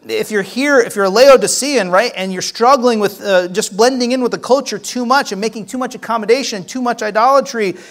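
Pastor mid-sermon, earnest and urging, keeps tossing in quick asides to the congregation. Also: medium pitch. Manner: earnest, exhorting, with frequent "right?" asides. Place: church service.

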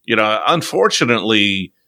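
A middle-aged man with a slow Southern drawl, hosting a relaxed, folksy chat. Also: fairly low pitch, no room sound. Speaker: podcast host. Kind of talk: casual conversation.

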